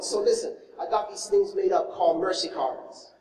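A male pastor preaching a sermon, telling a story with lively swings from loud exclamations to hushed asides. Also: high voice, moderate pace, hardly any pauses. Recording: echoey hall, mic from far off.

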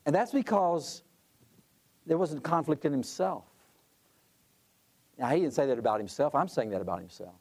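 A man's voice: fairly high pitch, animated, normal speed, pauses often, a little mellow. A middle-aged man talking about leadership in a conversational way, telling a story with asides and restarts. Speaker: conference president speaking on leadership.

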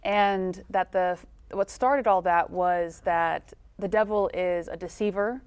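A woman co-hosting a casual religious discussion, thoughtful and quick to agree. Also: on the low side, a little mellow, clean tone.

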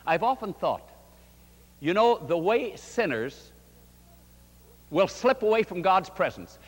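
An older man, a pastor, preaching a sermon and telling a story with fervent rises and quiet drops. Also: very animated, slow pace, breathy edge. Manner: fervent preaching, voice swelling and dropping low. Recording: long hall reverb.

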